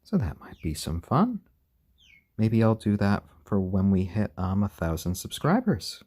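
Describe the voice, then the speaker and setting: A man hosting a casual live stream at home, gently chatting to viewers and talking softly and fondly to his baby chickens. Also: on the low side, huge pitch swings, a little slow.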